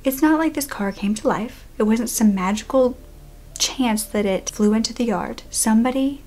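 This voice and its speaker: A woman's voice: a little high, normal speed. Young woman telling a true story. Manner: animated, conversational, drops to a whisper for tense moments. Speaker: YouTuber. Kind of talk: casual storytelling to camera.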